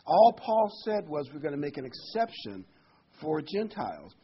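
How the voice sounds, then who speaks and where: A man's voice: fairly high pitch, sing-song, moderate pace, highs cut off. A man preaching a Bible sermon in a conversational, emphatic way, his voice rising sharply on key words.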